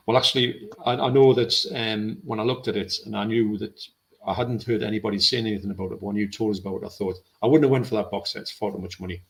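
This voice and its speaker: A man with a low voice, co-hosting a casual film chat live stream and reading out viewer comments. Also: steady tone, quick pace, creaky. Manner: chatty, reads out viewer comments.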